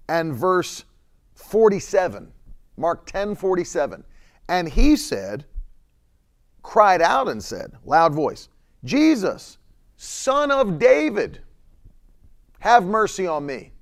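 A male preacher delivering a sermon with emphatic, drawn-out phrases, breaking into loud cries when he quotes scripture and laughing between points. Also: on the high side. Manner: emphatic, stretches words, shouts quotes; laughs between points, reads chat comments.

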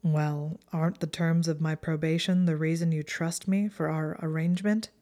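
A woman voicing a guarded, bitter young male wizard, speaking quietly and in clipped phrases. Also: low-pitched, fairly even intonation, moderate pace, lightly acted.

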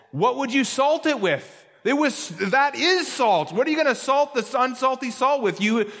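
A man's voice: high voice, fairly bright tone. A male pastor preaching a sermon, stressing key words by repeating them. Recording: long hall reverb.

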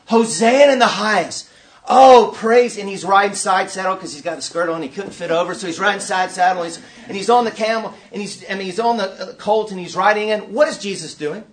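A man leading an interactive teaching session at a conference, quizzing his audience in an animated way. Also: high-pitched, brisk. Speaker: workshop teacher.

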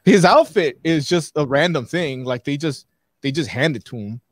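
A man's voice: a little high, animated, normal speed, no echo, clean studio sound. A man co-hosting a casual podcast, reviewing a film in a rambling way with many fillers and restarts.

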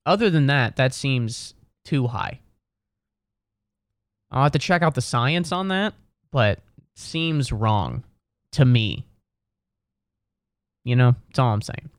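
A man's voice: mid-range voice, expressive, slow pace, pauses often, dry recording, studio quality. Rambling young man musing to camera. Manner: meandering, self-correcting, wry. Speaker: solo vlogger. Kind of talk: rambling comedic monologue. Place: sitting in a chair at home.

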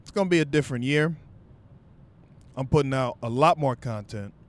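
A man's voice: medium pitch, moderate pace. A young man vlogger telling a comic story in loose, profane, conversational talk.

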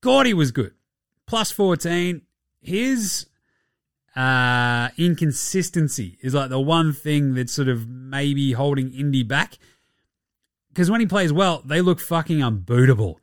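Lively man with a high voice. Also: unhurried, no echo, studio quality. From Australia. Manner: animated, swears freely, jokey. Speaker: podcast host. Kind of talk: casual sports podcast chat.

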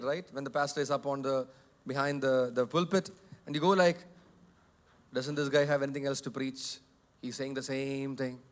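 Male pastor, higher register, repeats points, shifts from soft asides to loud emphasis. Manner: emphatic, repetitive, swings between loud and soft. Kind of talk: sermon. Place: church hall.

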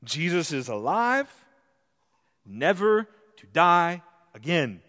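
Emphatic preacher in a reverberant hall. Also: male voice, medium pitch. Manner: swings from hushed to loud and emphatic. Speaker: pastor. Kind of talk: sermon.

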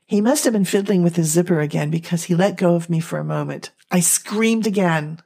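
Woman, young adult, dramatic first-person story reading, slow and emotional, slightly low voice. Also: vocal fry. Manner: slow, emotional, halting delivery. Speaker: narrator.

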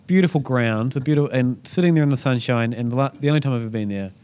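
A man with a New Zealand accent hosting a podcast, relaxed and chatty, swearing casually. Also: medium pitch, very fast, clear, resonant tone. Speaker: podcast host. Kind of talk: casual chat.

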